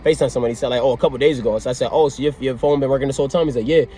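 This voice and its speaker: A young man vlogging a storytime, excitable and slang-heavy, acting out both sides of a conversation. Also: medium pitch, racing, a little hiss or hum. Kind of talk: animated storytime vlog.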